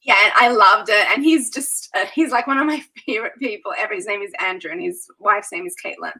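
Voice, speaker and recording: A wedding planner recounts her events with lively, animated energy in a casual interview. Her voice is bright and forward, with a slightly husky, breathy grain. She laughs freely as she talks. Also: mid-range voice, a little fast, low-quality recording. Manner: animated storyteller, laughs often.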